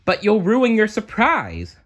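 A man's voice: high-pitched, huge pitch swings, takes it slowly, a bit bright, voice pushed up, heavily acted. A man voicing the young adult ice queen Elsa, an eager and earnest older sister, in a storybook reading. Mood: flustered.

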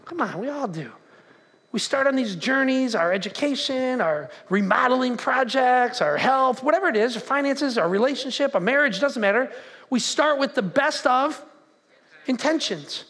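High-voiced animated male preacher. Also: normal speed. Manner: animated, talks to the crowd with questions. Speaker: pastor. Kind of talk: sermon. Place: church auditorium.

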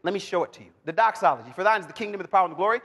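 A man teaching the Bible to a live audience, animated and joking, calling for responses and bursting into shouts. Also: sits high, very fast. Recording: long hall reverb.

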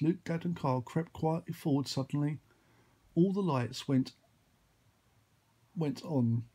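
Storyteller: man with a husky, slightly high voice, rambling made-up tale with sound effects. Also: mellow. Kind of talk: improvised storytelling.

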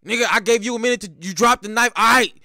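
A man's voice: very high-pitched, quick pace, pushed and bright, heavily acted. A man voicing a cold, unstoppable knight boss in an anime fight, taunting his opponent in slangy trash talk with laid-back menace.

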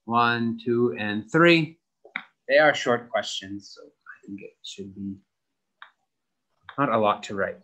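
Man, English teacher, slow unhurried pace, careful explaining, repeats instructions for children. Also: mid-range voice, lively intonation, sharp tone. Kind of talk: recorded online lesson.

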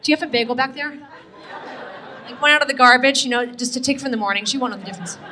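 A middle-aged woman doing an energetic stand-up comedy set, talking to the audience and firing off quick questions. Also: sits high, some chatter behind. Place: comedy stage with a live audience.

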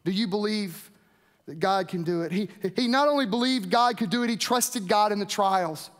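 A man's voice: sits high, moderate pace, in a large hall. A man preaching a weekend sermon as pastor, earnest, lifting and dropping his voice for emphasis.

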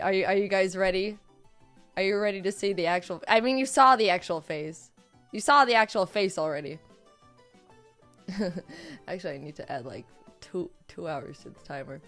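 Hoarse and tired-sounding, a woman with a medium-pitched voice makes casual conversation during a live stream. She giggles a lot, gets excitable, and tends to say things more than once.

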